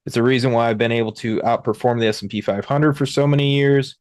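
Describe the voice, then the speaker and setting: A man's voice: mid-range voice, fairly even intonation, fast talker, a little mellow, no echo, studio quality. Rambling man hosting a market livestream. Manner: rambling, many fillers and restarts. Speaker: host. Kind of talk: casual livestream market talk.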